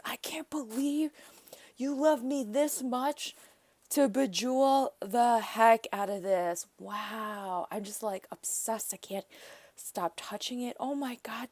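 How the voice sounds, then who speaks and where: Gushing woman unboxing gifts, slow. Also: on the high side, dry recording. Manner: gushing, gasping, excitable. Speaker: craft vlogger. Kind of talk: gift unboxing vlog.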